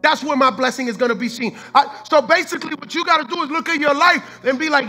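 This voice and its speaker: A man's voice: very high voice, fast talker, hardly any pauses, sharp tone, soft background music. A man preaching a sermon as pastor, fervent and repetitive, mixing in street slang and the odd line of Spanish.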